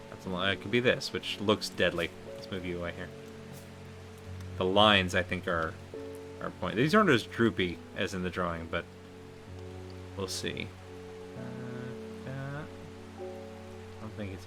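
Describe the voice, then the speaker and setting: A man streaming a game live, thinking aloud and asking his viewers what to do next. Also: sits low. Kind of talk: live gameplay commentary.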